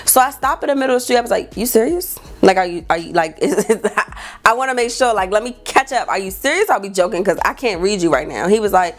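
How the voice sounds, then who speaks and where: A young woman, telling a dating story vlog and acting out quotes in a high voice. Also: animated, fast talker. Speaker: vlogger.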